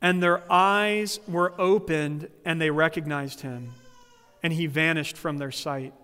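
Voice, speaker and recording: A male pastor delivers a sermon in a church sanctuary. His voice sits high and animated, shifting into playful quoted voices, and it carries a long hall reverb. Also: unhurried, clear, resonant tone.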